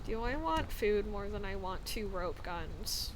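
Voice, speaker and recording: A woman's voice: mid-range voice, expressive, measured pace, background noise. A young woman from the American South, chatting casually on a live stream, rambling with lots of fillers and frequent laughs. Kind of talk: casual chat.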